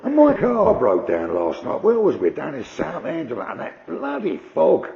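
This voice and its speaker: Gravelly older comic. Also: male voice, fairly high pitch, huge pitch swings, normal speed, dull audio. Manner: gruff, conversational, swearing. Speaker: stand-up comedian. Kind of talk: stand-up comedy storytelling.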